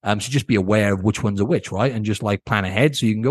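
This coach runs a solo podcast, handing out casual, no-nonsense advice, cursing freely and checking in with "right?" again and again. He talks quickly in a lowish voice, and the recording is dry.

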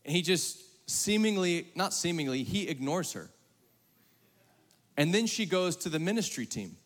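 A man's voice: very animated, a little slow. Conversational preacher man in a reverberant hall. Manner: conversational, calls on the audience to raise hands; swings between loud emphatic bursts and hushed, low passages. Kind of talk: sermon to a live congregation. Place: large hall with a congregation.

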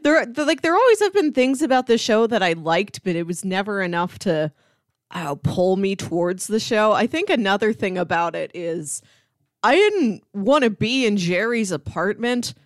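A woman's voice: mid-range voice, big pitch swings, moderate pace, no room sound, clean studio sound. A woman co-hosting a podcast, chatting casually and analytically about a sitcom, often laughing. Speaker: podcast co-host. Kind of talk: casual chat.

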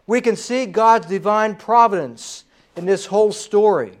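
Preacher, male, high-pitched, slightly hoarse, emphatic sermon delivery with trailing pauses. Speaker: pastor.

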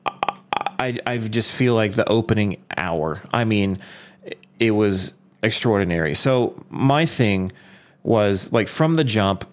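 A young man with a fairly low voice chats loosely about games, swearing freely as he gets excited. When he is worked up, his pitch leaps way up. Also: slow, a little hiss or hum. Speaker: podcast co-host. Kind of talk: casual gaming chat.

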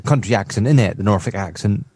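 A man's voice: on the low side, quick pace, a little mellow, husky, dry recording. A man co-hosting a podcast, playful and teasing. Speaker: podcast co-host. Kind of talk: casual podcast chat.

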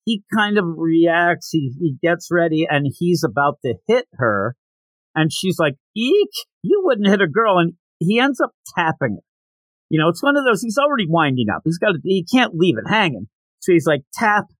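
A man hosting a podcast recaps a comic chapter in a casual, storytelling way, dropping jokey asides as he goes. His voice sits a little high and swings widely in pitch. It sounds dry and close, with no room echo. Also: sing-song, moderate pace. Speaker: podcast host.

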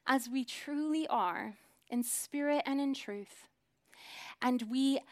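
Preaching with earnest conviction, this thirty-something woman shifts between quiet whispers and forceful crescendos, her voice on the high side.

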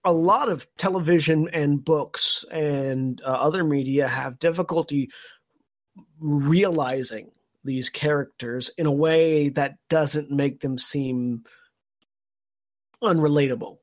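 Brief: male podcast co-host, slightly high voice, meandering recap with lots of ums. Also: slow. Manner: thoughtful, recaps at length with many fillers. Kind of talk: casual podcast discussion.

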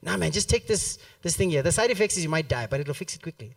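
A man's voice: fairly high pitch, quick pace, gravelly, no room sound, distant mic. A man preaching a sermon at a church service, telling a story and acting out the quotes with plenty of laughter. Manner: animated, acts out quotes, laughs often.

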